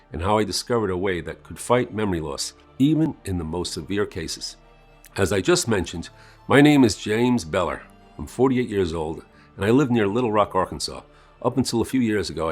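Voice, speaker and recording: A man narrating a scripted first-person sales story in a dramatic storytelling manner. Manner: dramatic storytelling with strong swings in pitch and volume. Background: faint music.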